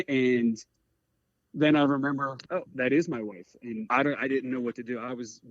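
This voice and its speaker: Here a firefighter in his forties from Maryland's Eastern Shore opens up on a podcast, his candid story coming out earnest, halting, and dotted with "like." His middle-pitched voice keeps a fairly even intonation. The dry, slightly muffled audio has no room sound.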